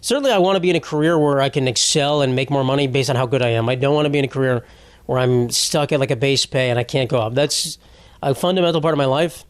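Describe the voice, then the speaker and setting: This twentysomething podcast host has a smooth, mid-range voice and a quick pace, recorded with no echo. His comedic monologue wanders and swears freely, full of frequent restarts.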